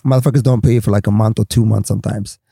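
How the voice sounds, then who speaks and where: A man's voice: fast talker, vocal fry, slightly rough, no room sound. A male comedian telling a long story in casual chat, swearing freely and acting out other people's voices. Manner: animated, acts out others with big pitch jumps, swears freely. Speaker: guest comedian.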